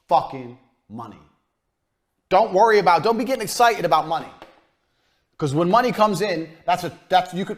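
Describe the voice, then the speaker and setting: A man giving a blunt, profane business lesson as a coach, mocking and forceful in his delivery. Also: a little high.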